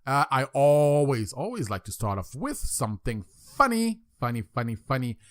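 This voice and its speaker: A man from France with a French accent hosts a podcast in loose, casual talk. He repeats himself and leans on fillers. His mid-pitched voice sits in a dry, close sound. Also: sing-song, normal speed, no room sound. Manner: rambling, repeats words, many fillers. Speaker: podcast host.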